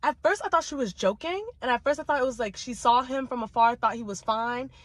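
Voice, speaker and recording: A woman's voice: fairly high pitch, a little fast, no room sound. A woman casually telling a story to camera in an emphatic, slangy way, repeating her punchlines for effect.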